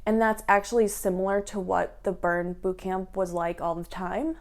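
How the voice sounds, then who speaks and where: A young American woman tells her own fitness story in a chatty personal vlog, full of "like" and "um," and becomes tearful at moments. Her voice is medium-pitched with fairly even intonation and a moderate pace.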